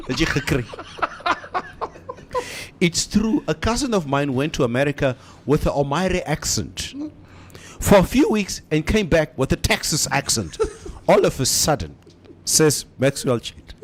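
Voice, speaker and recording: Reading out listener comments amid fits of laughter, a radio co-host in his fifties blends English with Afrikaans from the studio. He speaks unhurriedly in a fairly high voice with big pitch swings, over slight background noise.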